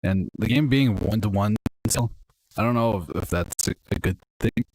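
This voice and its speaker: A man's voice: fairly low pitch, moderate pace, a little mellow, slight background noise. A young man casually chatting and rambling to his viewers while playing a flight game on a livestream. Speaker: streamer. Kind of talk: casual gaming livestream chat.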